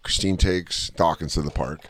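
A man's voice: low-pitched, moderate pace, no echo. A man co-hosting a casual comedy talk show, telling a story with lots of energy and acting out the voices in it. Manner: animated, acts out voices in his stories. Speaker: podcast co-host.

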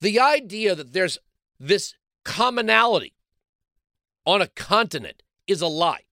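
A man's voice: sits high, bright, forceful tone, dry recording, clean studio sound. A middle-aged man, hosting a talk show and delivering an opinionated monologue full of rhetorical questions. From New York City. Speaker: radio talk show host.

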